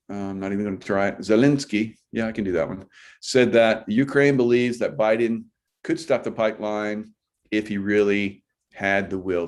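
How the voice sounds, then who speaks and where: A man's voice: lowish voice, darkish tone. A middle-aged man hosting casual political commentary, reading headlines aloud and breaking off into rambling asides. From United States. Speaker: commentary host.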